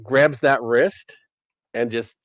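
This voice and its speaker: A man running a tabletop horror game as game master, narrating haltingly with many ums. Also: medium pitch, fairly even intonation, fairly bright tone, no echo. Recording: dull, dry sound.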